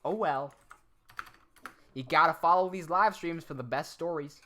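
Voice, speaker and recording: A young man talking loosely to his live-stream chat, with a bright, forward edge to his voice. He swears freely, laughs easily and lets his energy bounce around. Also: on the high side, unhurried. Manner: animated, profane, laughs often.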